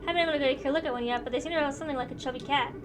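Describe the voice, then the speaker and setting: A woman's voice: sits high, very fast, over music, lightly acted. A woman voicing a worried middle-aged male farmer in a game, with a plain, earnest read.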